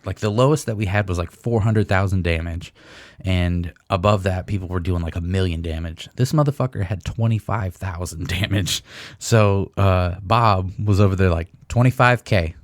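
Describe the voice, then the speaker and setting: A man's voice: low-pitched, no room sound, studio quality. A young man co-hosting a comedy podcast, telling rambling stories full of swearing. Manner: profane, rambling storyteller. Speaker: podcast co-host. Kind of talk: casual comedy chat.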